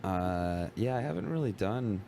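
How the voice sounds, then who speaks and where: A man's voice: fairly low pitch, animated, moderate pace, vocal fry, over a noisy crowd. A young man talking as a guest comedian in a casual podcast chat, laid-back and rambling, with lots of "like" and "bro".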